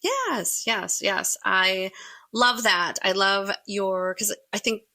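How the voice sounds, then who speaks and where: Woman, podcast host, enthusiastic, gravelly, bright. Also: medium pitch, slow. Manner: enthusiastic, chatty, lots of agreeing. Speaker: podcast host, Pilates teacher. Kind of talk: conversational interview.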